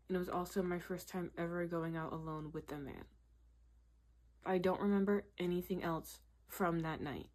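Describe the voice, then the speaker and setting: A woman's voice: on the low side, moderate pace, darkish tone. A woman telling a personal story in a candid, chatty way, peppering her talk with "like" and "literally". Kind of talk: casual storytime vlog.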